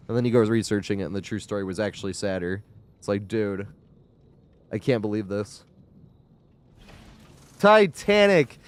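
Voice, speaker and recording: A man talks through a live game stream in a loose, rambling way. His voice sits on the lower side and sounds smooth and clear. He laughs often and swears freely as he chats. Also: a little mellow, dry recording. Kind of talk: casual live-stream chat.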